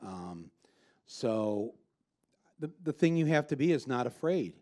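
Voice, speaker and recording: A man speaks onstage as a guest before a live audience, with an average-pitched, mellow, warm voice. His delivery is blunt and emphatic, and he often restarts his sentences. He sounds like a filmmaker in conversation rather than reading a script. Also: very animated, slow pace. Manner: blunt, emphatic, profane, with frequent restarts and fillers.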